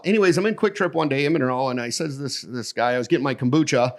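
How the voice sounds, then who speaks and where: A man's voice: mid-range voice, quick pace. A middle-aged man from the American Midwest, a podcast guest telling stories in casual conversation and acting out the voices in his anecdotes. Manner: animated storyteller who acts out the voices in his anecdotes.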